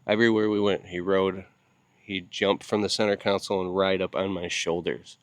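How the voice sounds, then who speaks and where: Deep-voiced grieving man, halting speech. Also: level tone, dry recording. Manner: halting, with many pauses and repeated words; grieving and heartfelt. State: sleep-deprived. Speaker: video channel host. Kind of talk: casual talk to camera.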